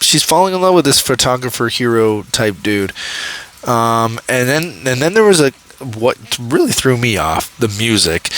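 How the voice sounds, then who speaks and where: A man's voice: mid-range voice, pushed and bright, rough recording. Rambling young man reviewing a show. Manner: rambling, many fillers and restarts, laughs often. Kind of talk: casual commentary.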